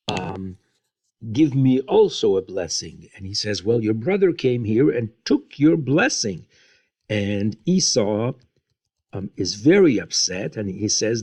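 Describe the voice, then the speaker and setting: A man retells a Bible story as a lesson, voicing the characters' lines as he goes. His pitch swings widely while his pace stays slow and deliberate. He often pauses on fillers between phrases. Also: vocal fry, husky. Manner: lively storytelling with acted-out quotes and fillers. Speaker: Bible teacher.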